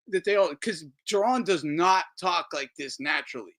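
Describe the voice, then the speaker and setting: A man with a high-pitched, expressive voice hosts a casual boxing talk livestream, speaking at a moderate pace with hardly any pauses. He rambles and swears as he reacts to clips, sounding incredulous, and uses a streaming microphone.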